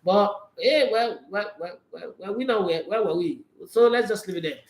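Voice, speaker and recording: With a high pitch and a moderate pace, a Nigerian man reads football transfer stories aloud, and the sound is roomy. It's relaxed chatter: plenty of opinions, pidgin jokes on the side and lots of laughing.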